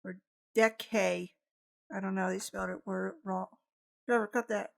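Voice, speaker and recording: A woman's voice: mid-range voice, fairly even intonation, fairly quick, vocal fry. A woman hosting a board game unboxing channel, talking casually with emphatic rants and joking asides. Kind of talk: casual review monologue.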